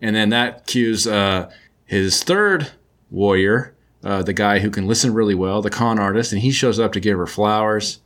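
Low-voiced man, chatty casual recap. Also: normal speed, fairly bright tone. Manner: loose and chatty, many "um" and "like" fillers. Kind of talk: casual comic book recap.

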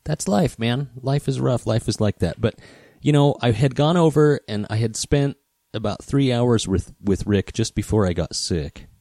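A man hosting a podcast, telling a story in a relaxed, rambling way with many fillers. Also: medium pitch, normal speed, no echo. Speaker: podcast host, guitar repair specialist. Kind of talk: casual storytelling.

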